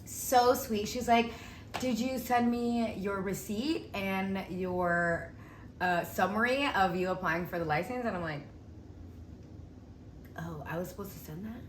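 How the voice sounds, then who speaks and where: A young woman tells a story straight to the camera in a casual, animated way, slipping into the voices of the people she quotes. Her voice sits mid-range for a woman. The room is echoey, with a light hiss underneath. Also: mid-range voice, a little slow. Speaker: vlogger. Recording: echoey room with faint noise.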